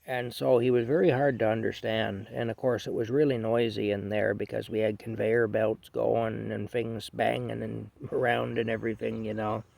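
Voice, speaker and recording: A man's voice: lowish voice, flat delivery, normal speed, hardly any pauses, darkish tone, no echo. A man in his fifties casually telling a rambling, self-deprecating story from his past. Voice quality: gravelly.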